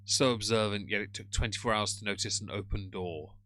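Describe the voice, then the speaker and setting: A man talks over a live stream with sarcastic, chatty remarks to viewers and his pets. His voice is bright and forward, a touch low, and sits close and dry on a headset mic with no room around it. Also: brisk, no echo. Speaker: live streamer reacting to a video. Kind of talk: casual live-stream commentary. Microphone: headphones with a cable.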